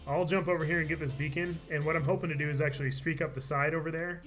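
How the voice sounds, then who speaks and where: A man's voice: a little high, fairly even intonation, fast talker, fairly bright tone, soft background music. A man streaming a game live, chatting casually and laughing often, his voice tired from talking all day. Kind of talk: live gameplay commentary.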